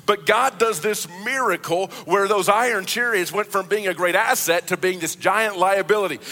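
Preaching as pastor, a man delivers an earnest sermon, often restarting and repeating words as he explains. His voice is high-pitched and sharp, with a long reverb tail behind it.

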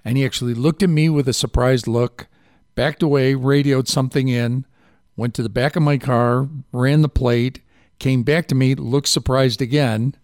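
A man's voice: medium pitch, steady tone, normal speed, darkish tone, dry recording, studio quality. An older man hosting a radio call-in show, telling a story in a chatty way and then asking pointed questions. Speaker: radio talk show host. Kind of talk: casual radio interview.

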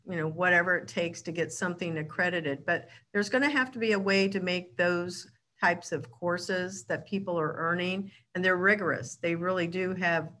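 A woman with a slightly low voice hosts a podcast conversation. She shares her views casually, thinking aloud as she goes. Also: a bit bright. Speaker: podcast host. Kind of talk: podcast discussion.

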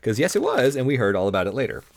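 A man's voice: mid-range voice, huge pitch swings, rapid-fire, gravelly, a little hiss or hum. A man co-hosting a casual book-discussion chat, answering in a wry, teasing way. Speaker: podcast co-host.

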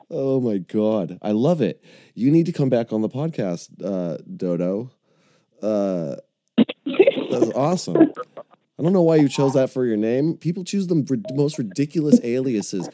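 A man hosting a podcast in casual chat, excitable and swearing often as he tells stories. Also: mid-range voice, a little slow, no room sound, clean studio sound. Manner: profane, excitable, animated storyteller. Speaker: podcast host.

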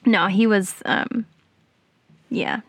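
A woman hosting a podcast, telling a personal story in casual chat, animated and giggly with lots of fillers. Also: mid-range voice, extremely slow, no echo. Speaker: podcast host.

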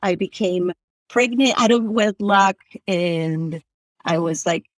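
A woman's voice: medium pitch, no room sound. Woman telling her story, dry. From Argentina. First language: Spanish. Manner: earnest, halting, many "like" fillers. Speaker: guest. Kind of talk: personal storytelling in conversation.

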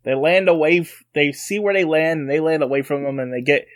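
A man co-hosting a podcast, recapping a story in casual chat and often trailing off and restarting. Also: fairly high pitch. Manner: recaps the plot haltingly with restarts. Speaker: podcast co-host.

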